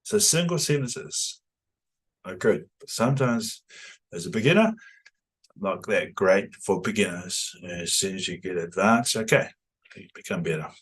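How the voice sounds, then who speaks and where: A man who is a trained language teacher, promoting his pronunciation course in a lively way, often tagging his points with "right?". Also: sits low, unhurried, breathy edge. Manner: animated, rhetorical "right?" tags.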